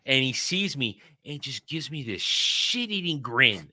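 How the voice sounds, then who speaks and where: A man casually telling a story as a podcast host, profane and animated, with frequent restarts. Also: mid-range voice, measured pace, no echo.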